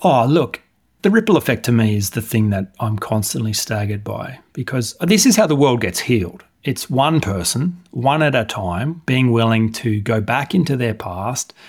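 A man's voice: medium pitch, moderate pace, slightly rough. A man, a coach and author, telling stories bluntly and animatedly in a podcast interview. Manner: blunt, animated retelling with acted dialogue.

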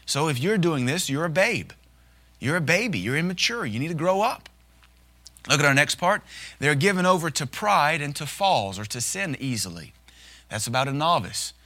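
A male pastor preaching a sermon in a folksy, humorous way, slipping into quick acted asides. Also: fairly high pitch, lively intonation, bright, forceful tone.

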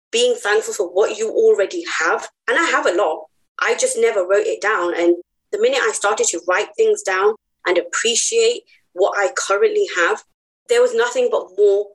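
Woman, podcast guest, earnest, heartfelt, medium pitch. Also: low-quality recording. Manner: earnest, heartfelt, laughs easily. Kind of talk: personal storytelling in an interview.

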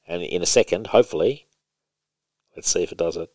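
A man's voice: on the low side, lively intonation, fast, no echo. A man from Australia hosting a casual podcast chat, joking and easygoing as he leads the talk. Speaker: podcast host.

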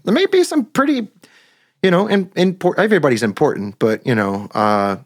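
A man's voice: a little high, expressive, brisk, dry recording, studio quality. A young man co-hosting a podcast in casual, rambling chat, swearing and laughing as he talks. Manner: rambling, profane, laughs often. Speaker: podcast co-host.

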